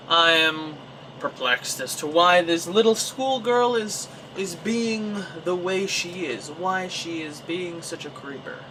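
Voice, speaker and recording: A young Canadian man telling a personal story in a casual, animated way, acting out his own reactions. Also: sits high, distant mic, a little hiss or hum, low-quality recording. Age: young adult. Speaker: vlogger.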